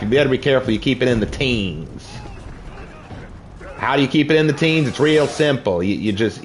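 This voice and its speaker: A man's voice: mid-range voice, pitched above the performer's own voice, close to an everyday voice. A man putting on a slurred, drawling Appalachian accent, voicing a folksy, dim-witted Southern redneck comedian. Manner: folksy, mock-dim joking. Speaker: streamer.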